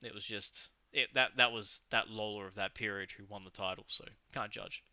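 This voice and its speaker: With a fairly low pitch, fairly even intonation and a normal speaking speed, this young Australian man sounds pushed and bright. He's co-hosting a casual fight recap podcast, talking loosely and enthusiastically, swearing and rambling at times. The slightly muffled lo-fi recording has no room sound.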